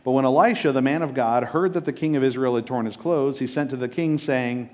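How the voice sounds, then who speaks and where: A man's voice: mid-range voice, a little fast. Male pastor, sermon, laid-back, jokey, keeps asking right. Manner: casual and joking, often checks in with "right?".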